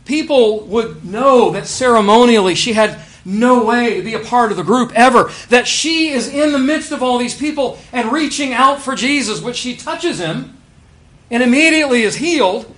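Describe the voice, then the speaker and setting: A man preaching a sermon, swinging between loud emphasis and quiet asides and asking his listeners rhetorical questions. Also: extremely high pitch, animated, moderate pace.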